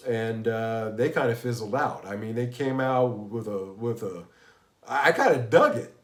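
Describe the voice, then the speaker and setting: A man's voice: mid-range voice, lively intonation, unhurried, reverberant. A man hosting a casual live stream about music, rambling with many restarts, sounding unwell and tired. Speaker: livestream host.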